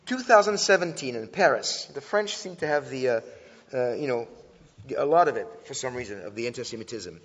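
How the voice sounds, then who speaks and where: A man's voice: medium pitch, animated, brisk, fairly bright tone. Earnest man speaking in an echoing hall. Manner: earnest, with frequent restarts and filler sounds. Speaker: speaker teaching about antisemitism. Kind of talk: animated talk to an audience. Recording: dull lo-fi sound with long hall reverb.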